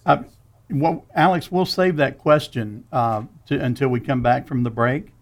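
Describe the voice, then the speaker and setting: A man's voice: medium pitch, measured pace. A man hosting a radio talk show, asking questions and steering the conversation in a friendly, conversational way.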